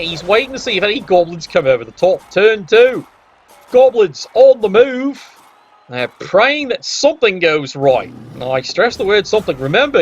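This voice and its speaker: A man doing wry, sarcastic play-by-play commentary on a tabletop sports video game. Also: high-pitched. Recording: dull lo-fi audio.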